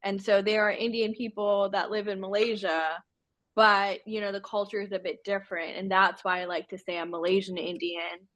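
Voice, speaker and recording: A woman's voice: medium pitch, flat delivery, moderate pace, fairly bright tone, no room sound. A woman guest talking casually and chattily, with lots of "like" fillers. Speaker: podcast guest. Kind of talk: casual conversation.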